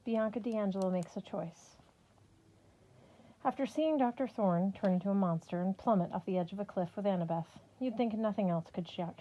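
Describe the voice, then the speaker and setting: Warm-voiced woman reading an audiobook. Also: mid-range voice, dull audio. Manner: casual, wry storytelling. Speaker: audiobook reader. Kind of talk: first-person storybook narration.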